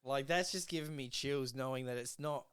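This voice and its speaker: An Australian man hosting a podcast, telling a story in a casual, animated way and swearing freely. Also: medium pitch, normal speed, clear, resonant tone. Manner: animated, swears a lot, retells stories in voices. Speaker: podcast host.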